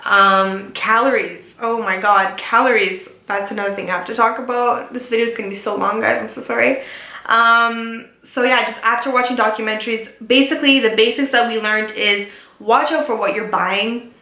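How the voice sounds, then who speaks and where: A woman's voice: on the high side, steady tone, normal speed, sharp tone. A young woman vlogger in a casual chat to camera, rambling with lots of "like" and "um". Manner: chatty, filler-heavy with lots of "like" and "um". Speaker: beauty and lifestyle vlogger. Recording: echoey room.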